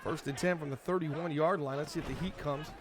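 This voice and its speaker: His voice sits on the high side with a steady tone and a slightly fast pace as he plays a football franchise mode on stream, commenting play by play like a fan. The background is noisy, filled with video game music and sounds.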